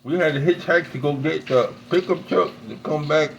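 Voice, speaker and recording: A man's voice: a little high, moderate pace, gravelly, lo-fi sound, slight background noise. A man casually telling a long story, rambling, repeating words and laughing often. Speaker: pipe-smoking video host.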